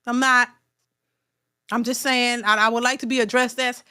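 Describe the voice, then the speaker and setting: Middle-aged woman, high and bright, blunt emphatic rant, casual commentary host. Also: flat delivery, moderate pace, pauses often, clean tone. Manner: emphatic, repetitive, blunt and profane. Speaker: reaction channel host.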